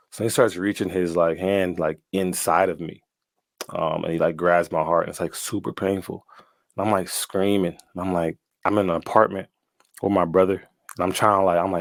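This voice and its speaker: A young man with a fairly low voice tells his story as a guest in a loose, slangy way, laughing often and leaning on "like" and "bro." The recording is dry and close. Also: fairly even intonation, normal speed, no echo. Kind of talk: casual storytelling.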